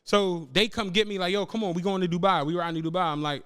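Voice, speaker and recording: A man's voice: sits high, fast talker, a bit bright, clear, resonant tone. A young adult man hosting a podcast, telling a travel story in casual chat, acting out his friends' lines and swearing freely. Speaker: podcast host.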